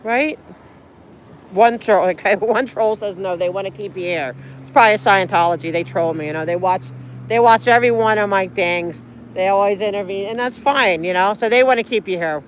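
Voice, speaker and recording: A woman's voice: medium pitch, fairly quick, a little hiss or hum. A woman livestreaming outdoors on a city street, talking in an earnest, pleading, rambling way. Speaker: livestreaming auditor.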